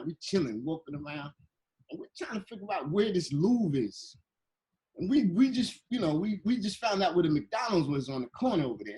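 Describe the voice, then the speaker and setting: A man telling a playful, animated story to children, slipping into voices as he goes, on a video call. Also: on the high side, poor audio. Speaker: guest illustrator and storyteller.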